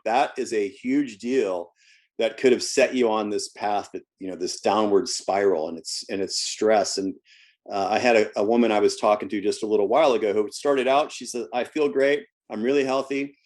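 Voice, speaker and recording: A man's voice: lowish voice, moderate pace, a little mellow. A man who works as a health coach, talking casually in an interview and telling stories from his work, often restarting and repeating words.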